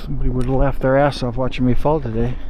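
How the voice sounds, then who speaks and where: A man from Ohio talking his way along a river trail in a casual hiking vlog, chatty and rambling, quick to exclaim at what he finds. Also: medium pitch, level tone, darkish tone, slight background noise. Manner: chatty, rambling, easily surprised. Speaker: hiking vlogger. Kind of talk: casual outdoor vlog narration.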